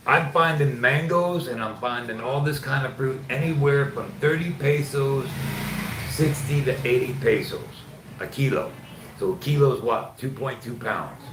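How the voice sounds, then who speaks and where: Rambling American man, echoey and noisy. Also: medium pitch. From United States. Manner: chatty, rambling, jumps between topics. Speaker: vlogger. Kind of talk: casual chat. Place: outdoors. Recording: echoey with loud ambient noise.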